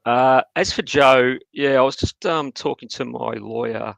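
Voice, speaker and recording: A man on a live fan show, keeping a deadpan, mock-serious tone while joking. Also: medium pitch, unhurried, creaky, dry recording, rough recording. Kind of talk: casual banter.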